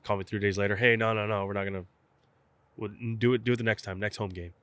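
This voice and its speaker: A young man from South Texas with a fairly low voice tells a story in an easy, casual way. He acts out each side of the conversations he remembers. The sound is dry and close, with no room echo. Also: quick pace, smooth. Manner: animated storyteller, acts out both sides of phone calls. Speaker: guest, professional baseball catcher.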